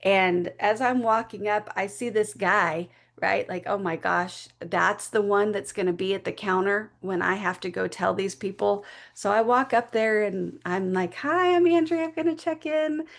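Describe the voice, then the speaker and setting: Gravelly-voiced woman telling a candid story. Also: mid-range voice, unhurried, hardly any pauses. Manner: animated, candid, emotional storytelling; acts out voices when quoting people. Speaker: guest. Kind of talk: personal storytelling in an interview.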